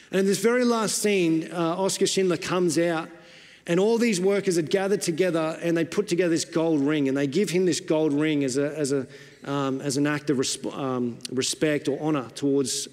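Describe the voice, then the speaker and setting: A male pastor with a high voice delivers a sermon in a church whose sound rings on in a long reverb. He hesitates through a story with many fillers, then drives his message home with insistent repetition. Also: darkish tone. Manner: retells a film scene with many fillers, then preaches with rising urgency.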